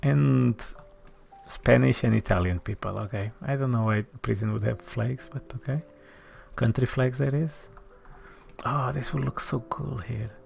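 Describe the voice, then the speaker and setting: Gravelly slow-talking game commentator. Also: mid-range voice, a little mellow, soft background music. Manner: thinking aloud while building, muttering to self. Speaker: gameplay commentator. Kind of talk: casual let's-play commentary.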